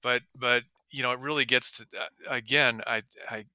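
A man's voice: mid-range voice, steady tone, moderate pace, crowd noise. A man hosting a dental interview show, chatting casually and acting out the phone calls patients get. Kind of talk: conversational interview.

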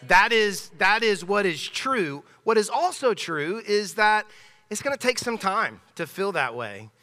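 Pastor, male, thirties; bright, crisp delivery, conversational and emphatic sermon; long church reverb. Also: sits high, sing-song, measured pace. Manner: conversational, emphatic, with frequent restarts. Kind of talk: casual sermon. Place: church sanctuary.

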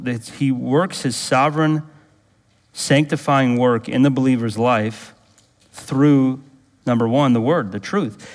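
A pastor preaching a sermon, emphatic, drawing answers from the congregation and rising to fervent intensity when he prays aloud. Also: long reverb tail. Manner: emphatic, asks the congregation to fill in words; rises to fervent, higher-pitched intensity in prayerful passages.

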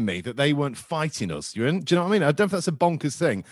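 Fast-talking podcast host, dry sound. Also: male voice, fairly high pitch, breathy edge, dry recording. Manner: animated storytelling, fast and chatty. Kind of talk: casual football podcast chat.

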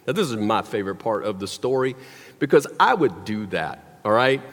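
A man's voice: fairly low pitch, sing-song, normal speed, a bit bright. A man preaching a sermon, telling a story animatedly with wry, joking asides. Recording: long hall reverb.

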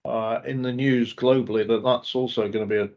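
A man co-hosts a casual market podcast, answering briefly and agreeably with a few ums. His pitch is middling. The audio is dull and lo-fi. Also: steady tone, fairly quick, darkish tone. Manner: agreeable, brief replies with fillers. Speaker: podcast co-host.

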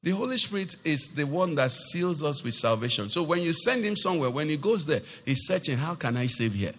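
Male preacher, high lively voice, church hall reverb trailing off. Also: fairly quick. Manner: animated preaching with rhetorical questions to the congregation. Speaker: pastor. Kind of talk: sermon.

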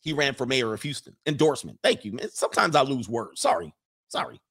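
A man's voice: medium pitch, sing-song, quick pace, a bit bright, husky. A man giving casual sports commentary who rambles, often restarting and correcting himself.

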